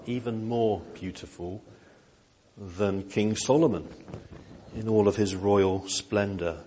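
A man preaching a sermon in a slow, gentle, earnest way, with emphatic rises. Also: deep voice, a little hiss or hum. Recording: long hall reverb.

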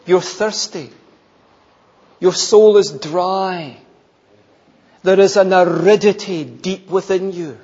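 A man preaching a sermon, emphatic and repeating phrases, often dropping to a soft, intense tone. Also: high voice, fairly even intonation, slow pace, pauses often, in a large hall, lo-fi sound.

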